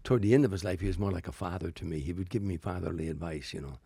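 Gravelly, deep-voiced older man telling stories. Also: racing, dark tone, no room sound. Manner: rambling anecdotes with frequent stammered restarts. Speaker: stand-up comedian guest. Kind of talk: casual storytelling interview.

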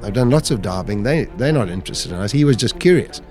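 A man's voice: on the low side, animated, quick pace, dark tone, soft background music. A middle-aged man, a podcast guest vividly retelling his own ordeal and acting out his inner voice. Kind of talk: dramatic personal storytelling.

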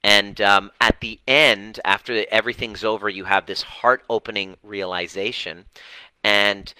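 A lower-pitched man with a bright, forceful tone coaches online viewers live. He is blunt and animated and swears casually, and the sound is dry and close. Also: measured pace, clear, resonant tone, no echo, rough recording. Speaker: relationship and healing coach.

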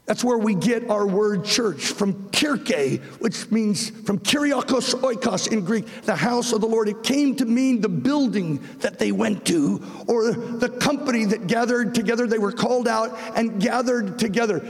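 A man preaching a sermon with passion, his voice surging up to shouts. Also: high voice, unhurried, few pauses. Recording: long reverb of a large hall.

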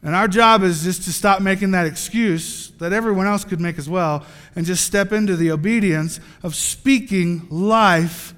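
A man with a high, bright voice preaching to a crowd. He jokes and acts out small scenes as he talks. His voice rings with the long echo of a large hall. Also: normal speed, few pauses. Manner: animated, joking, acts out little scenes. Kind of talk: sermon.

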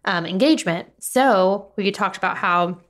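Female podcast co-host, casual and supportive, clear explainer. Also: mid-range voice, unhurried, fairly bright tone.

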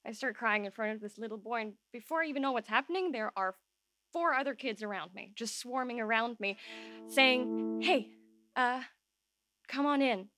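A woman's voice: on the high side, pushed and bright, soft background music. Woman telling a personal story on stage. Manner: emotional, halting, tearful at times. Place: open-air stage.

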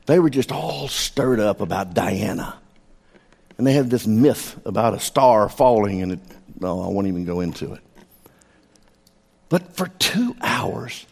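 A man's voice: on the low side, vocal fry, a little mellow, breathy edge. An older man preaching a sermon as a pastor, earnest and emotional as he leads his congregation in reading scripture. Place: church sanctuary. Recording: long hall reverb.

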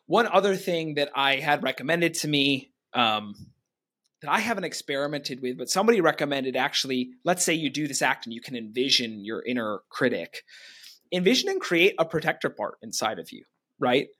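Man, fairly high voice, relaxed podcast co-host who muses aloud and quotes his own inner voice. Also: normal speed. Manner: reflective, speaks in self-talk quotes. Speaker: podcast co-host, leadership coach. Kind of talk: casual podcast discussion.

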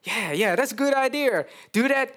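A man playing a breezy, high-voiced old king. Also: expressive, normal speed, fairly bright tone, heavily acted. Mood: offhand. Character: commanding ancient male king.

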